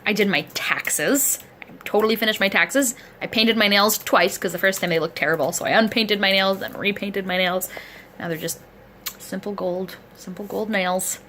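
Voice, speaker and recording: A woman's voice: mid-range voice, normal speed, pushed and bright, a little hiss or hum. A woman recording a casual video diary close to the camera, chatty and rambling, sore and aching as she sits propped up in a chair. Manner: chatty, rambling, self-deprecating. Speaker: vlogger. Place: indoors at a friend's home, seated in a chair. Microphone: camera close to the face.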